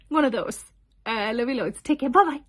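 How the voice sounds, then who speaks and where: Giddy, chatty high-voiced woman. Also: huge pitch swings, a little slow, bright, forceful tone. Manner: chatty and giggly, self-deprecating asides. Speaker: comedian announcing tour dates. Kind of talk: casual chat to camera.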